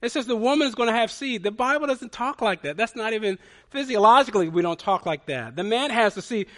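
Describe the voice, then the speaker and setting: A man preaching a sermon, moving from quiet, low explanation to loud, fervent climaxes, often restarting words mid-sentence. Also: animated, quick pace. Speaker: pastor.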